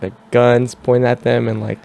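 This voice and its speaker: A man's voice: medium pitch, normal speed, creaky, a little hiss or hum. A young man hosting a casual podcast, reacting with short slangy remarks. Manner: relaxed, brief reactions and slangy asides. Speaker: podcast host.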